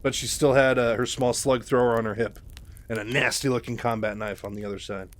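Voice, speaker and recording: A man's voice: medium pitch, fairly even intonation, a little fast. A man casually recapping a book in a rambling, filler-heavy way. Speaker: narrator.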